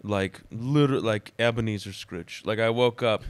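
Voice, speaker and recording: Dramatic storytelling man, smooth voice. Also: fairly low pitch, normal speed, no echo. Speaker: podcast guest. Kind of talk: casual conversation, personal storytelling.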